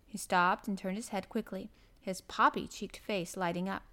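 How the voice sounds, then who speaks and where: A woman reads a classic children's novel aloud, gentle and even like a bedtime story. Her pitch is medium and her pace moderate.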